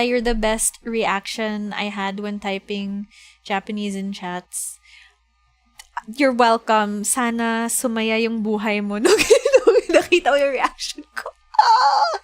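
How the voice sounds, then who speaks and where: A woman's voice: on the high side, lively intonation, slow, no room sound. A young Filipino woman with a Filipino accent, chatting casually and giggling while streaming a video game. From Philippines. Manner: chatty, giggly, switches between English and Tagalog. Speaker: VTuber streamer. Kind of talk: casual game stream chat, reading game text aloud.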